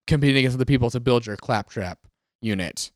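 A man, co-hosting a casual gaming podcast and retelling events in an animated way. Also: mid-range voice, fast talker, dry recording, studio quality. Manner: animated storyteller, acts out quotes. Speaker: podcast co-host.

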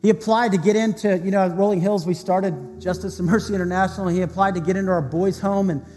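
Male pastor with a high voice, preaching earnestly in a reverberant sanctuary. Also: steady tone, fast talker, slight background noise. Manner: earnest, heartfelt storytelling. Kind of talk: sermon with prayer. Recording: long hall reverb, soft music behind.

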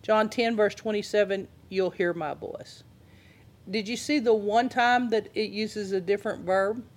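A woman's voice: mid-range voice, measured pace. A woman leads a casual Bible class in a conversational voice. She keeps turning to her listeners with questions as she teaches. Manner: conversational, asks the audience questions.

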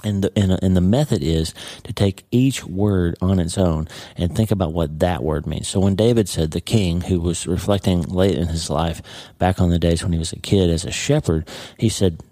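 Low, mellow-voiced man teaching Scripture. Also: moderate pace, no echo. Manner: conversational, with frequent "okay?" and "right?" tags. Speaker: podcast host and Bible teacher. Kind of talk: casual devotional talk.

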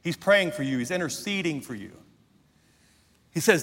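High, bright-voiced preacher in a reverberant hall. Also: male voice, animated. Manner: emphatic preaching, drawn-out stressed words, rising to shouts. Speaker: pastor. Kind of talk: sermon. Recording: long hall reverb in a church.

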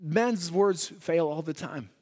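A man preaching a sermon in a church hall, swinging between loud emphatic lines and hushed ones. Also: fairly high pitch, takes it slowly. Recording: long hall reverb.

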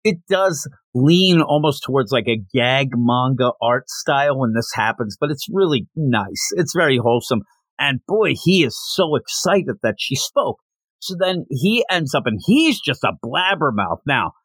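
A man's voice: mid-range voice, sing-song, unhurried, fairly bright tone, breathy edge, no room sound. A man hosting a casual podcast, recapping a comic chapter in a chatty, slangy way and reading characters' lines aloud. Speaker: podcast host.

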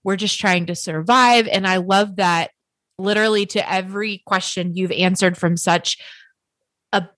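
A woman hosting a podcast interview, effusive and quick to laugh. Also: medium pitch, steady tone, dry recording. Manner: warm, giggly, effusive interviewer. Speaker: podcast host. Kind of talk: casual interview chat.

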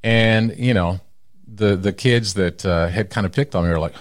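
A middle-aged man from Texas, telling stories as an interview guest and acting out the people he quotes. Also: moderate pace. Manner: animated storyteller who acts out quoted people with big pitch jumps. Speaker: radio personality, interview guest. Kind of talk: storytelling in an interview.

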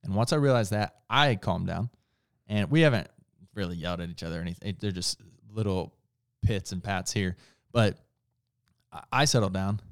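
Man, lowish voice, earnest, self-correcting restarts, casual faith talk, dry sound. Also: normal speed, clean tone, no echo. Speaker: podcast co-host.

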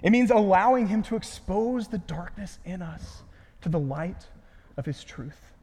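A man preaching a sermon, earnest and emphatic, often dropping to a hushed voice at the ends of phrases. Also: high-pitched, animated, measured pace. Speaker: pastor. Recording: long hall reverb.

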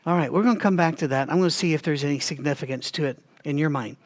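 Higher-voiced man teaching Bible study. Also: rapid-fire. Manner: animated, talks to listeners directly, frequent restarts.

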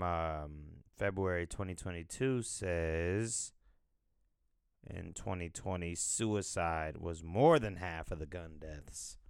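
A man's voice: deep voice, clean tone, no room sound, studio quality. A man hosting a podcast, talking in a loose, profane, rambling way as he thinks aloud. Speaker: podcast host. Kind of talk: casual rambling commentary.

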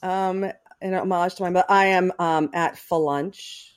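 Low-voiced woman, rambling and wry. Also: little pitch movement, normal speed, smooth. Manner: rambling, self-interrupting, wry. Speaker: podcast guest, actor. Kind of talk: casual interview chat.

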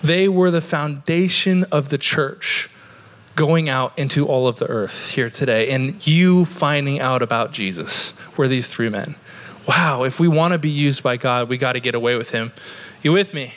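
A man's voice: medium pitch, moderate pace, fairly bright tone. A man in his thirties from Oregon, preaching a sermon in a church in an earnest, conversational way, with lots of "like" fillers. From Oregon, USA. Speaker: pastor. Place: church sanctuary.

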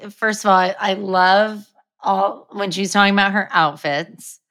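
A woman's voice: mid-range voice, fairly even intonation, measured pace, fairly bright tone, clear, resonant tone. A woman from Oklahoma co-hosting a podcast, talking in an enthusiastic, casual way. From Oklahoma, USA. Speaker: podcast co-host. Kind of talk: casual chat.

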